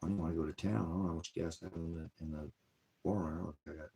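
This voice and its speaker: Tired guy rambling to his viewers, really low gravelly voice, husky. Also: fairly even intonation, very fast, mellow. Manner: weary, sighing, drifts between topics. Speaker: online ministry host. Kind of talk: rambling personal vlog talk.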